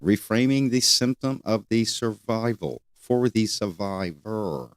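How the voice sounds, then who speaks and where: An older man hosting a solo talk show, rambling and repeating questions with many pauses. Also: lowish voice, no room sound, studio quality. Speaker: host.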